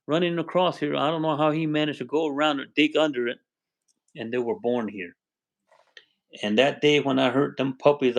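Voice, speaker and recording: The recording is rough, and this older man from Arizona speaks with a fairly high pitch. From his home with a wood stove, he hosts a casual livestream, thanking viewers by name and warmly rambling through stories.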